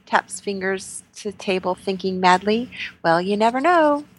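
Woman co-host, mid pitch, reading a listener email warmly. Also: lively intonation, measured pace.

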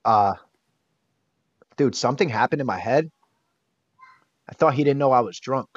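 A man's voice: medium pitch, moderate pace, no echo. Candid man telling a story. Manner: animated, candid storyteller who swears casually. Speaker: interview guest. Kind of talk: casual storytelling. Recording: dull, dry sound.

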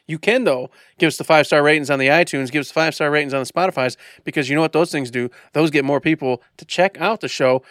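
A man's voice: fast talker, hardly any pauses, fairly bright tone, no room sound, studio quality. A man co-hosting a podcast, playfully pleading with listeners in casual chat. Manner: playful, pleading sales pitch. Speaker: podcast co-host.

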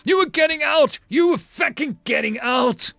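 A man's voice: a little high, sing-song, measured pace, gravelly, a bit bright, no echo, pitched above the performer's own voice, heavily acted. A man playing a grief-stricken young male Marine corporal whose speech is raw and volatile. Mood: enraged.

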